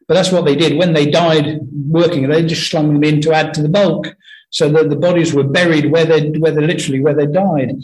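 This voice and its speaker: A man giving an earnest, conversational sermon full of stories, often pausing and restarting his sentences. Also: fairly high pitch, fairly even intonation, darkish tone, slight background noise, poor audio. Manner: earnest, anecdotal, halting with many restarts. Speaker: preacher.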